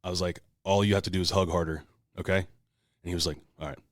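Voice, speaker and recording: A man with a low, deep voice tells a story in casual podcast chat, swearing freely and shouting out the lines he said back then. The sound is dry and close, with no room echo. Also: steady tone, fast talker. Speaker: podcast host.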